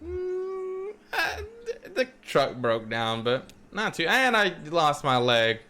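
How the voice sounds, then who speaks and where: A man's voice: mid-range voice, big pitch swings, takes it slowly, bright, forceful tone, smooth, full character voice. A man voicing a weary old trucker who is crying. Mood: tearful.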